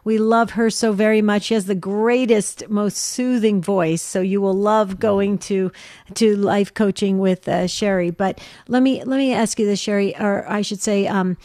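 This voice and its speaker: A woman's voice: medium pitch, steady tone, unhurried, a little mellow, no echo, clean studio sound. A woman co-hosting a radio talk show, enthusiastic and gushing, asking long rambling questions.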